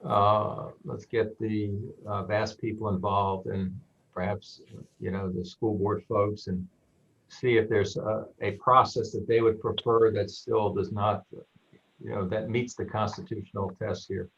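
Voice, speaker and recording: A man chairing a public board meeting, speaking in a measured, conversational way. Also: fairly low pitch, little pitch movement, gravelly. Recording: dull audio with faint noise.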